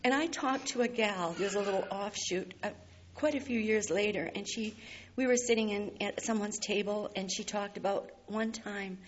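A woman's voice: mid-range voice, normal speed. A woman telling a personal faith story in an earnest, heartfelt way, tearful and laughing through her tears. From Canada. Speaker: speaker sharing a personal testimony. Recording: slightly dull recording with faint hiss.

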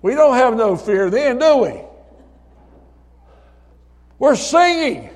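Preacher, male, high and unhurried, sermon with ringing reverb. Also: expressive. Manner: rising to shouted hallelujahs, calls on listeners by name. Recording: long reverb of a hall.

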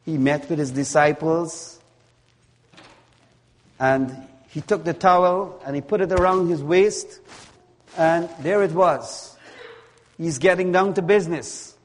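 A man delivers a sermon at a very slow, measured pace, stressing key words again and again. His voice sits a little higher than most men's. The sound carries a long reverb, as in a church hall. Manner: slow, deliberate preaching with emphatic repetition. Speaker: preacher.

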